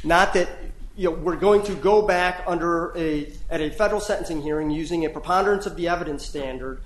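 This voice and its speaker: Brief: male lawyer, slightly high voice, earnest, restarts phrases, echoey courtroom. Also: a little fast, a little hiss or hum. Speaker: appellate lawyer. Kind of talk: courtroom oral argument.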